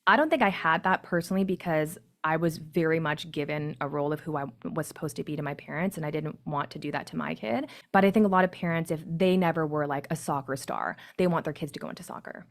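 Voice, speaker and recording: Woman, 30s, low voice, reflective podcast guest. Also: fast, few pauses. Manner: candid, reflective storytelling. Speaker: podcast guest, parenting coach. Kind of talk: casual podcast conversation.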